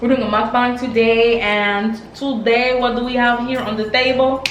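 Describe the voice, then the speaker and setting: A woman's voice: a little high, steady tone, normal speed, muffled recording, a little hiss or hum. A young woman co-hosting a casual eating vlog, chatting in a laid-back, playful way. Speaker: vlog co-host. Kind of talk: casual mukbang chat. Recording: roomy sound with background music.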